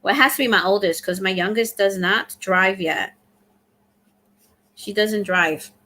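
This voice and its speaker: A woman's voice: medium pitch, a little slow, bright, forceful tone. A middle-aged woman hosting a casual live stream, chatting and thanking viewers as she reads their comments aloud. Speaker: livestream host.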